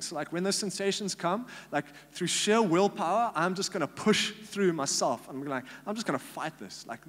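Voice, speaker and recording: A man's voice: fairly high pitch, fairly bright tone. Young man preaching in a reverberant hall. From South Africa. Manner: casual storytelling with many "like" fillers and acted-out quotes. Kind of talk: sermon with personal testimony. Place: church hall.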